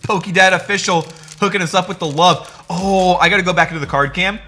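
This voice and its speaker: Bright, excitable young male streamer. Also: sits high, fast, hardly any pauses, soft background music. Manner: excitable, greets chat viewers by name. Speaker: livestream host. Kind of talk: casual livestream chat.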